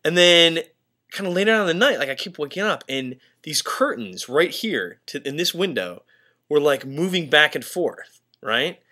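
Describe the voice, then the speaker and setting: A man's voice: a little high, big pitch swings, moderate pace, pushed and bright. A young man telling a ghost story from his hotel room, rambling with lots of fillers and working himself into a panic. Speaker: tour crew member. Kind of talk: confessional vlog to camera.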